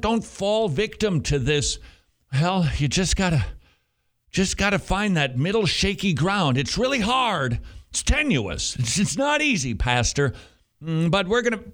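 A man's voice: medium pitch, a bit bright. A man speaking as a pastor to fellow pastors, feverish and emphatic, repeating phrases to drive them home.

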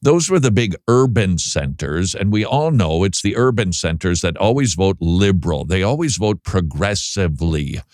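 A man's voice: low voice, lively intonation, normal speed, few pauses, a little mellow, no echo, studio quality. A man from Minnesota with a Minnesota accent, hosting a talk radio show in a rambling, joking way and searching aloud for words.

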